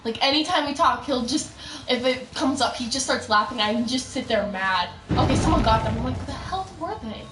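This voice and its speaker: A young woman chatting casually on a live gaming stream, telling a story and breaking into excited shouts at the game. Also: on the high side, fairly quick. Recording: roomy echo, mic at a distance, loud background noise.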